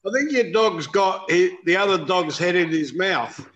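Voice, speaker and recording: A man's voice: high voice, expressive, moderate pace, fairly bright tone. An Australian man chatting casually in a laid-back, joking way. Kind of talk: casual chat. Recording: dull lo-fi audio.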